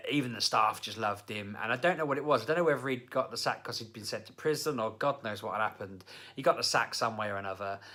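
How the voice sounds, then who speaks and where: A young man casually telling rambling personal stories to camera, with lots of fillers. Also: fairly low pitch. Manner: rambling, animated anecdotes with fillers. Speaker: vlogger.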